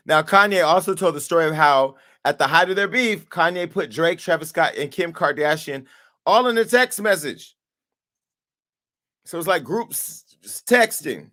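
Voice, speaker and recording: A man hosting a talk show, commenting on interview clips and spinning animated, profane stories. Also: a little high, moderate pace. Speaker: show host.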